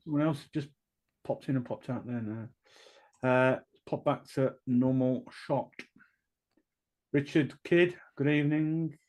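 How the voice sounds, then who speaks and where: A man co-hosting a livestream, running through the chat in a brisk, jokey roll-call. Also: mid-range voice, darkish tone. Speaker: co-host reading chat.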